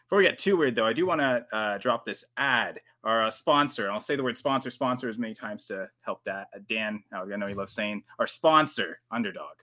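A Canadian man hosts a livestreamed podcast in a loose, rambling way. His voice is low but bright and forward. He restarts sentences often as he thinks aloud. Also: a little fast, few pauses. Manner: rambling, many restarts and fillers. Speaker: podcast host. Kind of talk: casual livestream podcast chat.

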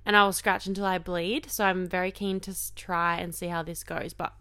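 A woman's voice: on the low side, flat delivery, brisk, bright, forceful tone. A young woman co-hosting a podcast, talking casually and candidly with lots of fillers. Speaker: podcast co-host. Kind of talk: casual chat.

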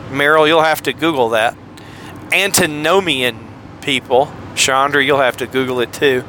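Bright, rambling man hosting a podcast. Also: medium pitch, normal speed, a little hiss or hum. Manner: rambling, jokey, full of asides. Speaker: podcast host. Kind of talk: solo podcast monologue.

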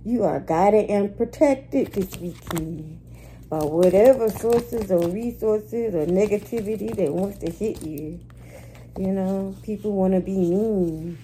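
Woman host of a casual reading vlog; slow, candid and slangy delivery, deep dark timbre. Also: slight background noise, rough recording. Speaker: astrology and spiritual reading host.

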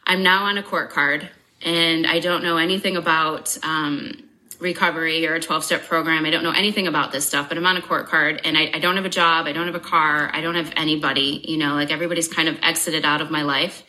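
A woman's voice: low voice, low-quality recording. A woman guest giving a candid personal account in an interview, frank and blunt, swearing freely, with wry humor. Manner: brisk, animated retelling with wry humor.

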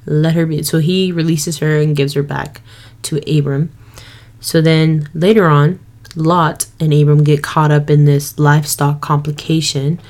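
A woman's voice: low-pitched, unhurried. A young woman hosting a faith podcast, retelling a Bible story in a casual, slangy way and acting out what people say. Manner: slangy, lively retelling with quoted voices. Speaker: podcast host.

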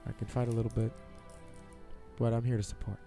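A man playing a tabletop game in character as a cleric, with a halting manner full of fillers and restarts. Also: mid-range voice, level tone, dark tone, faint music behind. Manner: hesitant, many fillers and restarts. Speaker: player, stingray cleric.

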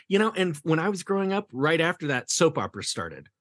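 A man's voice: fairly high pitch, big pitch swings, brisk, fairly bright tone, no echo, clean studio sound. A man hosting a theater history podcast, chatting casually, laughing often and reading quotes aloud. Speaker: podcast host. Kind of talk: casual chat.

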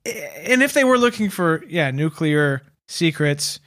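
A man's voice: a little high, lively intonation, unhurried, fairly bright tone, no echo, clean studio sound. A man co-hosting a casual comedic podcast, joking in loose phrasing with many fillers. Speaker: podcast co-host.

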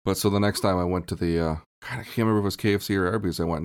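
A man co-hosting a casual comedy podcast, telling stories with animated energy and casual swearing. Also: low voice, racing, smooth. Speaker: podcast co-host.

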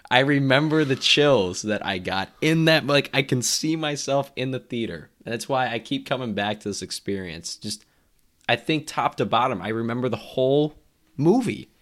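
A young man co-hosting a podcast in casual chat, animated and swearing freely as he reminisces. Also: medium pitch, normal speed. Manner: animated, swears casually, does movie voice impressions. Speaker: podcast co-host.

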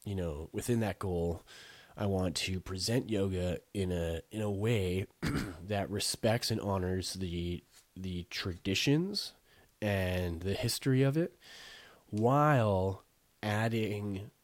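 A man hosting a casual solo podcast, talking with a nasal, stuffed-up voice from a head cold. He rambles and restarts with many fillers, coughs and clears his throat. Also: low voice, slow pace, no room sound. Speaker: yoga podcast host.

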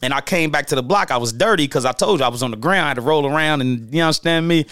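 A man telling stories from his past in a casual, slang-heavy way, animated and jumping into the voices of the people in them. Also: on the high side, quick pace, no echo, studio quality. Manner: animated, acts out quoted voices, loose slang-heavy talk with restarts. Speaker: storyteller host. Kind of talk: casual street storytelling.

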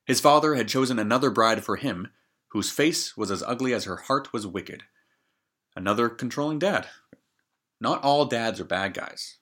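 A man's voice: fairly low pitch, fairly bright tone. A man reading a fairy tale aloud, stopping often for joking comments on the story. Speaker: storybook reader.

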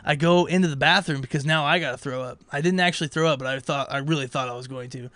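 Young guy telling a wild story, kinda high voice, super animated, dry mic. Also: quick pace, no echo. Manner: animated, swearing, acts out quotes. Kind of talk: casual storytelling chat.

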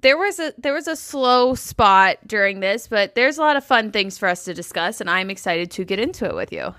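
Woman, podcast co-host, blunt casual chat, bright voice, dry close sound. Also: mid-range voice, animated, a little fast, no echo. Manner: blunt, swears freely.

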